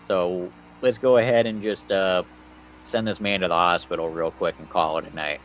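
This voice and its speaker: Young male streamer, lowish voice, loose rambling chat with viewers, relaxed and offhand. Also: normal speed, a little hiss or hum. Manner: relaxed, rambling, talks to chat while working. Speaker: livestreamer. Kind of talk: casual livestream commentary.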